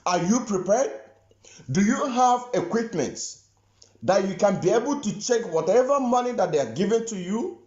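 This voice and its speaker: A man's voice: sits high, sing-song, moderate pace, a little mellow, echoey room, muffled recording. A man giving emphatic live-stream commentary, repeating phrases and firing rhetorical questions. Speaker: political commentator.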